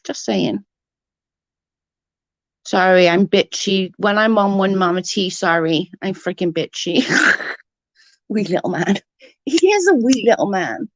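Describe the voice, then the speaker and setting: A woman's voice: medium pitch, expressive, slow, pauses often, no room sound. A woman, ranting bluntly and mockingly as an online commentator, full of profanity. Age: 30s. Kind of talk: ranting live-stream chat.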